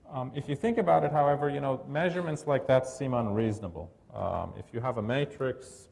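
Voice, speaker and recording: A middle-aged man giving a technical lecture at an academic workshop, talking thoughtfully and pausing often with fillers and restarts. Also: lowish voice, creaky, a little mellow, slight background noise. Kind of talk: academic conference talk.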